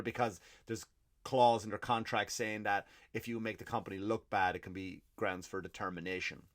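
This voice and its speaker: A man's voice: fairly low pitch, little pitch movement, normal speed. An Irish man hosting a comedy podcast, telling a profane, rambling story in a monologue. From Ireland. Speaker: comedian host.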